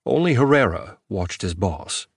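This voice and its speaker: A man narrating a post-apocalyptic audiobook in a measured, even storytelling voice. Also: fairly low pitch, gravelly, breathy edge, dry recording, clean studio sound.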